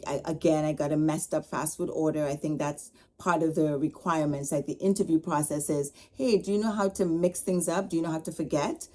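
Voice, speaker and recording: A middle-aged woman telling a casual story as a podcast host, animated, acting out the dialogue she quotes. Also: deep voice. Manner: animated, retells her upset with quoted dialogue.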